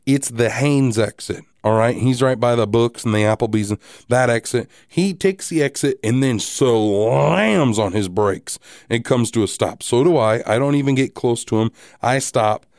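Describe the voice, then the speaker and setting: A married man hosting a podcast, telling a story casually in a rambling, animated way with many restarts and asides. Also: mid-range voice, normal speed, few pauses, no echo, clean studio sound. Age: adult, married. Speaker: podcast host.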